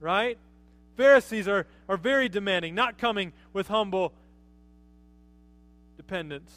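A man's voice: high voice, measured pace, fairly bright tone. A man preaching a conversational sermon as pastor, often asking his listeners rhetorical questions.

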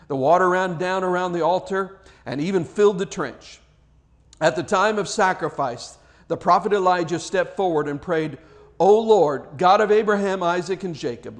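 A male pastor reading scripture, praying and preaching an earnest sermon, lifting his voice on quoted cries and repeating words as he speaks freely. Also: on the high side.

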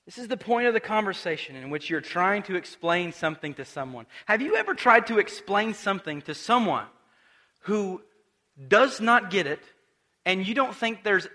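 Lively high-voiced male pastor. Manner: animated storytelling with acted quotes and direct questions to the audience. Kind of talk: conversational sermon.

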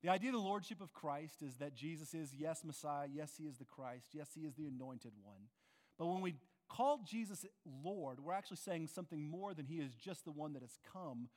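Earnest pastor preaching in a reverberant hall. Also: male voice, on the high side, lively intonation, fairly quick, a little mellow. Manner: earnest, conversational preaching with rhetorical questions. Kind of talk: sermon. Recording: long reverb of a large hall.

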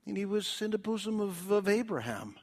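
A male preacher giving a dramatic evangelistic sermon in a church, swinging from loud appeals to hushed whispers. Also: sits high, big pitch swings, a little fast.

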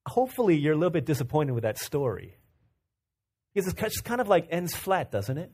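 A preacher with a high voice for a man delivers a sermon like a friendly story. He talks straight to the room, trips over his words, and starts his sentences again. He grew up in Virginia. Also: big pitch swings, brisk, darkish tone, breathy edge. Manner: conversational storytelling with restarts, addresses the room as y'all.

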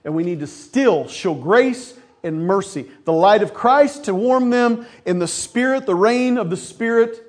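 A man's voice: sits high, animated, a little slow, few pauses, a little mellow. Folksy man preaching a sermon. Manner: folksy, addresses congregation as folks, asks for amens. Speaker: pastor. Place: church.

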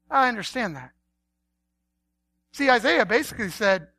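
A woman's voice: medium pitch, a little slow, pauses often. A woman preacher, a parent, delivering a sermon and animatedly acting out conversations with God. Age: adult parent. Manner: animated, acts out dialogue with God.

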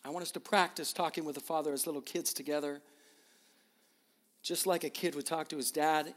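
A middle-aged man preaching a sermon as pastor, earnest and emotional, often repeating his words. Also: on the high side. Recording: reverberant hall.

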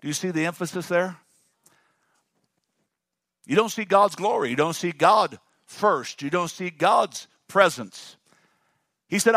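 A male pastor preaching a lively sermon and calling on the congregation to respond. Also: fairly high pitch, moderate pace, vocal fry, pauses often, no echo, studio quality. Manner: dynamic, call-and-response with the congregation.

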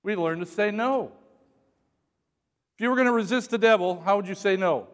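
Man, pastor, sermon, high voice, long church reverb, sudden shouted emphasis. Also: normal speed. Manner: shouts for emphasis, jokes with congregation.

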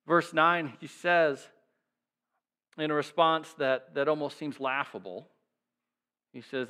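A man preaching a sermon, reading scripture and acting out its characters with lively shifts in voice, then dropping soft and low to reflect. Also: moderate pace. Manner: animated, acts out the voices of the sailors and Jonah. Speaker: pastor. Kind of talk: sermon teaching.

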